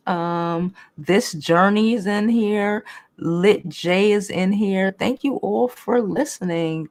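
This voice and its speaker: On her casual live stream, a young streamer talks with blunt, foul-mouthed animation and reads chat comments aloud. Her voice sits at a medium pitch.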